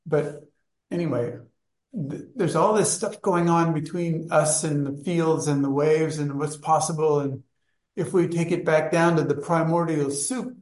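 A man's voice: fairly high pitch, roomy sound. A man in a study group, casually telling a personal story and rambling as he searches for words.

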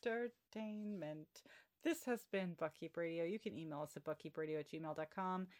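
A woman's voice: sits low, quick pace, darkish tone. A woman hosting a casual book-club podcast, upbeat and teasing, laughing easily with her co-hosts. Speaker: podcast host.

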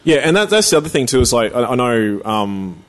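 A man's voice: mid-range voice, big pitch swings, fairly quick. A man in a casual chat, rambling with many hesitations and restarts. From Australia. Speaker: podcast co-host.

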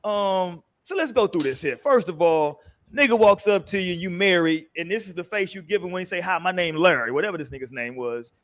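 A middle-aged man with a notably high speaking voice hosts a relaxed panel chat. He is blunt and teasing, and he keeps steering the other panelists. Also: a little fast. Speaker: podcast host.

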